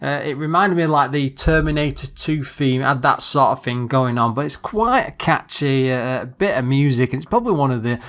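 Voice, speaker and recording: A man's voice: mid-range voice, expressive, fairly bright tone. A man co-hosting a podcast, casually reviewing an old computer game and often stopping to search for words. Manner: halting, searching for words with many restarts. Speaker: podcast co-host.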